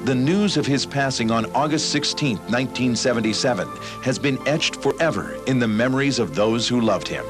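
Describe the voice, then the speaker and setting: A man reading a scripted documentary narration in a measured, dramatic way. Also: medium pitch. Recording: loud music bed behind voice. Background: loud music.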